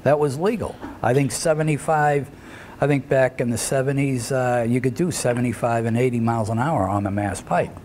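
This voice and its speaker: A man's voice: mid-range voice, a little fast, darkish tone, a little hiss or hum. Older man spinning rambling tales. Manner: rambling anecdotes with fillers and chuckles. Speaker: retired wrestler, interview guest. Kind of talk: shoot interview storytelling.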